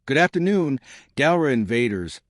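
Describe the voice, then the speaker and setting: A man's voice: on the low side, big pitch swings, brisk, dry recording, clean studio sound. A man voicing a cheerful, chirpy male AI assistant with a formal, chipper manner.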